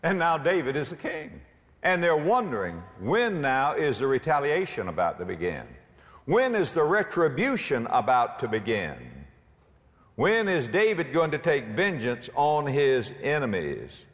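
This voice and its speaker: A man preaching a sermon, his fairly high voice swinging widely as he builds to shouted peaks. The long reverb of a large hall trails after each phrase. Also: big pitch swings, unhurried. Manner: dramatic, rising to shouts at climaxes.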